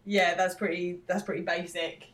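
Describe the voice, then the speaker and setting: A woman's voice: fairly low pitch, level tone, normal speed, slight background noise, low-quality recording. A woman co-hosting a casual podcast, telling the story with a wry, giggly manner. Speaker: podcast co-host. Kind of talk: casual chat recapping a TV episode.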